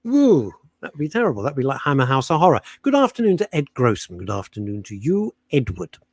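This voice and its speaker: Teasing radio co-host, lively pitch. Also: male voice, no echo. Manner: teasing, jokey, quick to mock his co-host. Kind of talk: bantering radio chat. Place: home setup with a loud industrial fan behind him.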